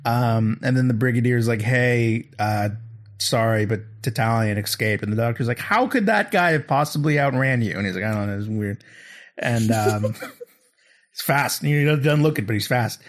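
A man's voice: on the low side, steady tone, normal speed. A man in a casual podcast chat, retelling an episode in a rambling way and acting out the characters' lines. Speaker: podcast host.

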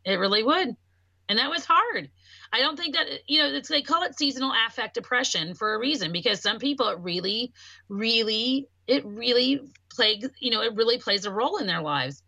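A woman in casual podcast conversation, telling a personal story in an animated way and voicing the people she quotes. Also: a little high, brisk, no echo. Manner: voices quoted speech. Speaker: podcast talker.

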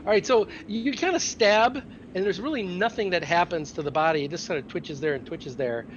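A man runs a tabletop game, painting scenes in loose, filler-laced narration. His voice sits somewhat high, and the recording is dull and carries a clear hiss of noise. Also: brisk. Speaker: game master.

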